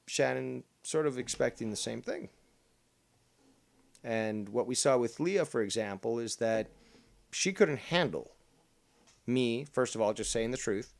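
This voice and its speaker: A man from Canada hosting a heated panel argument, smug and profane as he lectures the others. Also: medium pitch. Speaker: show host.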